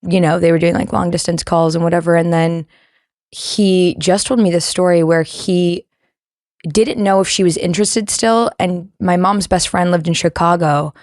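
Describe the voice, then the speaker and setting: A woman's voice: fairly low pitch, steady tone, normal speed, a little mellow, dry recording, clean studio sound. A young woman with a Canadian accent, a comedian guest on a podcast, talking in a chatty, rambling way. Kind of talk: casual interview chat.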